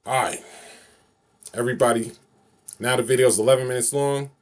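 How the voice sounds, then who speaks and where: A man's voice: mid-range voice, steady tone, fairly quick. Upbeat rambling man in his forties. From New York City. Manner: rambling, repetitive and upbeat, chanting prayers. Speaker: vlogger. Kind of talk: casual monologue vlog.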